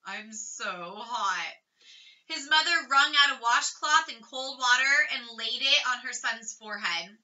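A woman reads a children's chapter book aloud with steady, expressive storytelling. Her voice is bright and a little high. The recording sounds dull and somewhat distant from the mic. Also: normal speed, few pauses. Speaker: reader.

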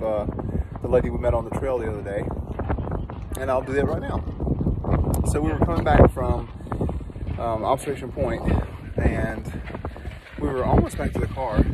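A man's voice: medium pitch, very noisy. Earnest man telling a trail story outdoors. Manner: earnest, animated storytelling that turns soft and slow when guiding meditation. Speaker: nurse and meditation teacher. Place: outdoors in a dry canyon.

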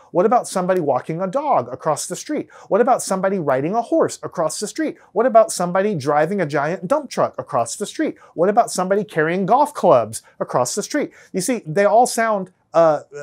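This is a man with a Texan American accent talking through a classroom lesson at his own easy pace. His delivery is conversational, and he keeps checking in with a quick "right?" and stumbles back over his phrases now and then. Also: high voice, darkish tone. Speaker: teacher. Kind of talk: casual whiteboard lecture.

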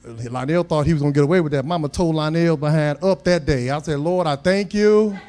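Pastor, middle-aged man, high-pitched, humorous storyteller who turns emphatic. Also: fast talker, darkish tone. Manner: folksy, humorous storytelling that builds to emphatic preaching. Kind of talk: sermon.

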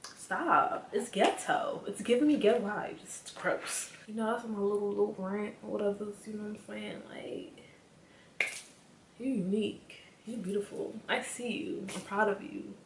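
Animated woman ranting to camera, echoey room. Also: medium pitch, normal speed. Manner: animated, repeats herself, talks straight to viewers. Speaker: spiritual vlogger. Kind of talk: casual motivational rant to camera. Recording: echoey room with faint background hum.

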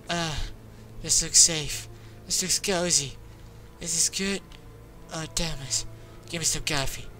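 A man's voice: a little high, noisy background. Panicky swearing young gamer guy. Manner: panicky, swearing, yelling at the game. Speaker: gamer playing a horror game. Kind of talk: frantic let's-play commentary. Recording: game music loud behind the voice.

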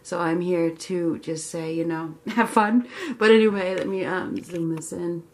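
A woman giving a casual tarot reading, chatty and excitable, laughing often and filling pauses with ums. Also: fairly low pitch, a little hiss or hum. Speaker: tarot reader.

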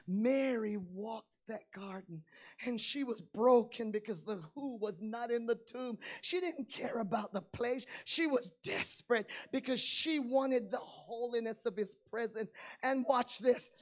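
A woman preaching a sermon with fervor, going from quiet asides to shouted climaxes. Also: on the high side, measured pace.

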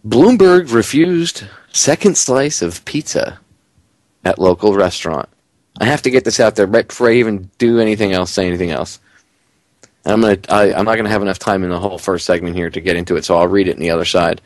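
Excitable talk radio host, low voice. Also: male voice, racing, dry recording. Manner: excitable, chuckling, indignant.

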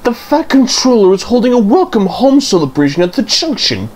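A fussy female diesel railcar from a children's storybook, high-pitched and complaining, as a man puts her on. Her voice leaps well above the reader's own and swings widely. She frets and grumbles at everything. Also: sing-song, brisk, a little mellow, full character voice. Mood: fretful, high-pitched.

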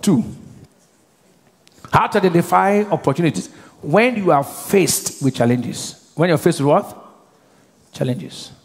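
A man's voice: a little high, lively intonation, a little slow, creaky, pauses often, slightly rough. A male pastor preaching a sermon, drawing the congregation into call-and-response by leaving his sentences open for them to finish. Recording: long reverb of a church hall.

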